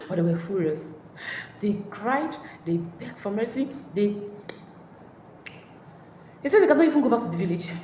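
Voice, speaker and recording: A woman tutor casually retelling a play scene by scene, acting out the characters' lines as she goes. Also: mid-range voice. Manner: animated storyteller acting out quoted characters. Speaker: literature tutor. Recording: echoey room with faint ambient noise.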